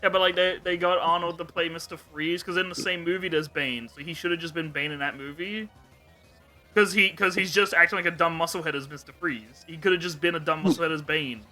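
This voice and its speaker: Bright-voiced young man joking on a podcast. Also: on the high side, fairly quick, faint music behind. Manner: animated joking retelling with swearing and laughs. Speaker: podcast host. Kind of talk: casual podcast chat.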